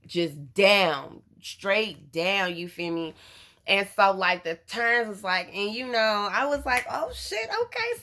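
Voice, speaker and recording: Profane, animated woman. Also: mid-range voice. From North Carolina. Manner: animated, profane, addresses viewers as y'all. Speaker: vlogger. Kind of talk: casual storytelling to camera.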